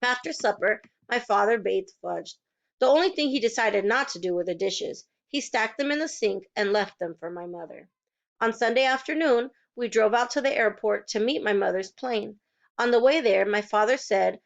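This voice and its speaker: A woman reading a children's novel aloud in a steady, plain storytelling voice. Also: mid-range voice, normal speed, gravelly. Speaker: reader. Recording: dull lo-fi recording.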